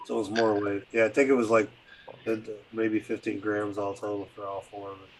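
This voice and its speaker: A man hosting a casual podcast, easygoing and quick to laugh, often trailing off quietly. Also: lowish voice, level tone, a little hiss or hum.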